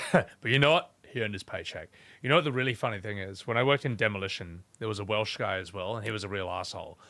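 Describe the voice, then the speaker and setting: A man's voice: fairly low pitch, fast, sharp tone, no room sound. A man streaming a video game, commenting in jokey, profane rants to his chat.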